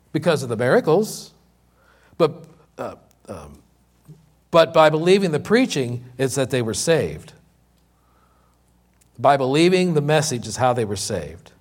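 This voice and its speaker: Preacher man repeating points for emphasis. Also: mid-range voice. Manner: repeats key lines for emphasis, with many slow, drawn-out words. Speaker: pastor. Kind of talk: sermon.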